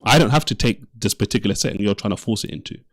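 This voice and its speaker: A man's voice: fairly low pitch, rapid-fire, no echo, clean studio sound. A man hosting a live debate stream, arguing heatedly and often repeating himself as he talks over the other speaker. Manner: interrupts, repeats himself insistently. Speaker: livestream debate host.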